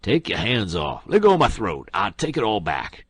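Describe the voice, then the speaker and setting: A man voicing a sly older male con man who drawls and answers with sarcasm, his voice husky. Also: rumbling low, very animated, a little slow, dry recording, heavily acted. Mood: pleading.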